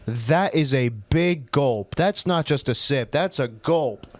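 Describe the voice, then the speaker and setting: Slowly and in a mid-range voice with no echo, the man performs a comedic reading of his old story, voicing every character. He interrupts the flat narration with sarcastic, cringing outbursts.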